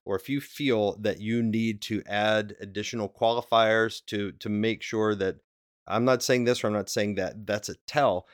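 A man co-hosting a faith podcast, easing through his points with ums and restarts. His voice sits on the low side and sounds dry and close to the mic. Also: fairly even intonation, moderate pace, no echo. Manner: hedging, with many fillers and restarts. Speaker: podcast co-host. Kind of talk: casual discussion.

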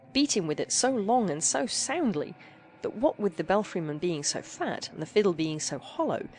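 Animated woman reading a story aloud. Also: mid-range voice, a little hiss or hum. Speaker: narrator.

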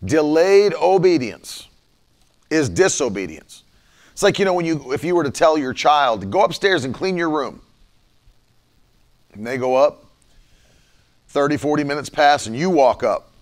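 A man's voice: a little high, expressive, normal speed, long pauses. A man preaching a livestreamed sermon, fervently repeating lines with rising emphasis.

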